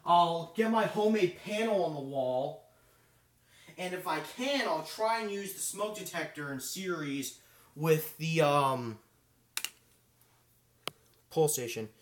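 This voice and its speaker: Rambling male hobbyist on a live stream, fillers and asides, slightly raised pitch, echoey room sound. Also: lively intonation, slow, pauses often, slight background noise. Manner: rambling, filler-heavy, thinking aloud. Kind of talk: casual live stream chat. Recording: roomy echo.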